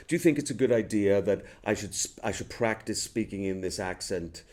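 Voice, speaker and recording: Low-voiced Welsh man, rambling. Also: expressive, brisk, a little mellow. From Wales. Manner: rambling, many restarts and fillers. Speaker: actor, interview guest. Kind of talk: casual interview talk.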